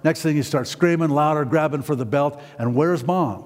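A man's voice: fairly high pitch, fairly quick, few pauses, a little mellow. A middle-aged male pastor delivers a sermon in a casual, rambling way, stumbling over fillers and restarting his sentences. He keeps turning to the congregation with questions. His voice carries a long reverb from a church hall.

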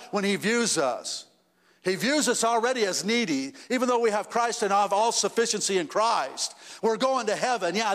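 A man's voice: high voice, fairly bright tone. Man preaching in an echoing hall. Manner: conversational, repeats and restarts, rises to emphatic peaks. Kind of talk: sermon. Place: church sanctuary.

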